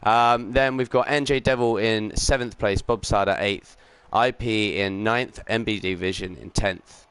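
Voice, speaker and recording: A man giving upbeat live commentary on a sim racing league stream, chatting with viewers and filling pauses with ums and uhs. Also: lowish voice, fairly even intonation, fairly bright tone, clear, resonant tone, no echo. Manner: greets chat viewers while commentating.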